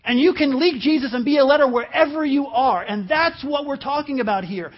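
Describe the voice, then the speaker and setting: A man preaching a sermon as pastor, telling a personal story in a halting way, dropping to quiet asides and rising to loud emphasis. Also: very high-pitched, muffled recording. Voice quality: halting, self-interrupting delivery with laughs.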